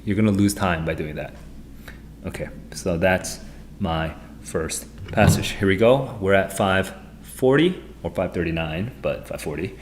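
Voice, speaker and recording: On his live stream, a man tutoring for the SAT thinks aloud with rambling excitement as he goes through questions at the computer. He has a deep voice, speaks unhurriedly, and there's a bit of hiss or hum.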